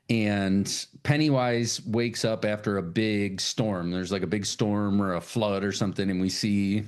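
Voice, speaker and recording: A man hosting a casual podcast chat, animated and swearing freely, acting out lines in high put-on voices. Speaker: podcast host.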